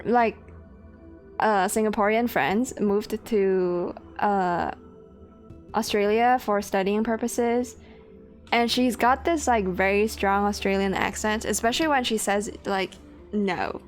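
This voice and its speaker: A young woman streams a game and chats loosely with her viewers, rambling, swearing and laughing as she says hello to chat. Her voice is medium-pitched and a little slow. Faint game music plays in the background of this casual live-stream talk.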